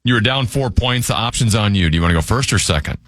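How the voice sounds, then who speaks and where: A male radio host runs a word game, calling scores and turns in a brisk game-show manner. His delivery moves a lot in pitch, and the sound is dry and close. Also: expressive, fairly bright tone, no room sound.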